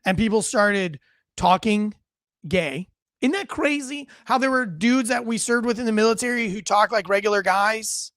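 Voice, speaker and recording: A man's voice: high voice, normal speed, a bit bright, no echo, studio quality. A man hosting a livestream, ranting bluntly and profanely with wisecracks and reading out chat comments. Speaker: livestream show host and military veteran.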